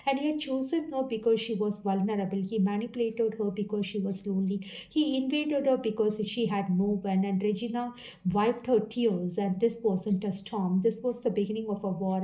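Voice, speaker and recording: A woman narrating a story audiobook-style, with a mellow, warm tone. She reads hesitantly, filling pauses and correcting herself as she goes, and her voice carries a roomy echo. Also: medium pitch. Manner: hesitant reading with frequent fillers and self-corrections.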